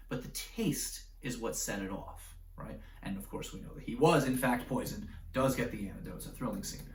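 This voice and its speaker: A man teaching a class, lively and animated, acting out little scenes and checking in with "right?" all the time. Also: lowish voice, a little fast, few pauses. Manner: animated, acts out scenarios with voices, keeps asking "right?". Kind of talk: classroom lecture. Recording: roomy echo, mic at a distance.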